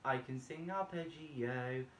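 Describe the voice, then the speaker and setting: A man presenting a vocal warm-up tutorial and explaining each step plainly. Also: mid-range voice, takes it slowly, a little hiss or hum. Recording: echoey room, distant mic, faint music. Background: faint backing music from a laptop.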